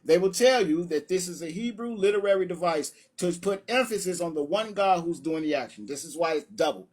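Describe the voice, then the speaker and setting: A man's voice: high voice, lively intonation, fairly quick. A man hosting a live-streamed religious debate, brash and taunting, calling challengers up and laughing at his own points. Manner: brash and taunting, calls people up.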